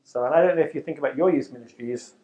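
A middle-aged man who leads a youth ministry, giving an animated, conversational talk to youth workers in front of a live audience. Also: fairly high pitch, racing.

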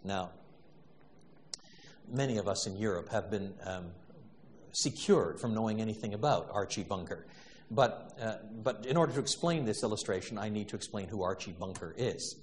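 A man giving an animated storytelling lecture, full of restarts and stammers, building to laughing emphasis. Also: fairly low pitch, normal speed, big-room sound, a little hiss or hum.

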